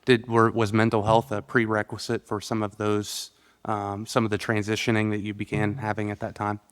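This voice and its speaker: A man serving as a legislator, questioning a witness at a committee hearing in a halting way, with many fillers and restarts. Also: lowish voice, completely flat delivery, fairly bright tone, smooth. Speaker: state legislator asking questions. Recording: long reverb of a hearing room.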